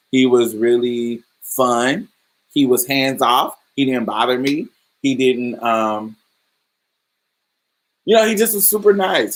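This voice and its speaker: A man's voice: mid-range voice, fairly bright tone. A man from Indiana hosting a podcast, telling personal stories in a chatty way, laughing often and calling the listener "baby". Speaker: podcast host. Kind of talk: casual podcast storytelling.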